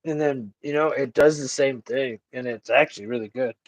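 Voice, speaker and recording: A man's voice: mid-range voice, normal speed, dry recording. A man chatting loosely as a livestream guest over a video call, swearing and joking. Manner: loose, profane and jokey. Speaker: stream guest. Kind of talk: casual livestream chat.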